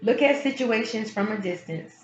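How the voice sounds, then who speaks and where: A woman's voice: on the high side, normal speed, heavy background noise. A woman giving a casual spiritual tarot reading, speaking frankly and emphatically and often repeating her key phrases. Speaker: tarot reader. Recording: roomy, slightly dull sound with music behind. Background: background music.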